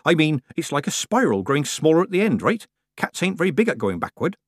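A man's voice: on the high side, sing-song, quick pace, no room sound, studio quality, voice pushed up. A man voicing a cheerful, earthy old witch woman who chats in a jolly, bawdy way.

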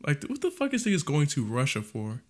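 A man with a slightly raised voice jokes through a casual podcast conversation. He laughs often, swears freely, and breaks into quick bursts when excited. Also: a little high. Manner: joking, laughs often, profane, bursts of fast talk. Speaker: podcast co-host.

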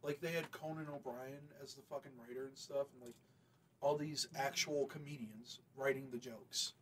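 A man's voice: mid-range voice, steady tone, normal speed, slight background noise, poor audio. A young man co-hosting a podcast, rambling in casual chat with lots of fillers and swearing. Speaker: podcast co-host.

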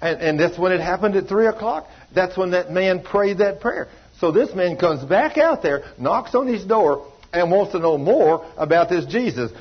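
A man's voice: sits high, animated, moderate pace, few pauses, breathy edge, muffled recording. A man preaching a sermon, telling a story and acting out the voices of the people in it, in a folksy, down-home way. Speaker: pastor.

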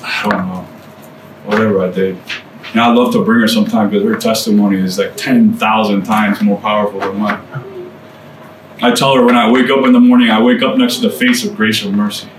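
This guest speaker has a fairly low, flat voice and talks a little fast as he shares his testimony with a small group in an indoor room. Casual and earnest, he peppers his speech with "man" and "dude" and repeats phrases to stress them. A faint hum sits under the echoey, distant recording.

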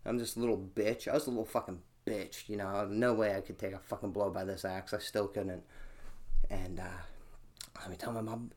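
With his mic perched on a towel-draped chair in a small room at home, this podcast host spins rambling, foul-mouthed solo stories full of "like." His voice is lowish and darkish, with a steady tone at normal speed.

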